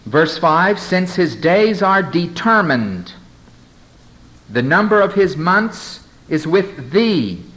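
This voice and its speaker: A man preaching a sermon and reading scripture aloud, moving between loud emphasis and hushed tones. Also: high voice, lively intonation, slow, few pauses, low-quality recording. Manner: reads scripture aloud and asks the congregation to turn to a passage. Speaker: pastor.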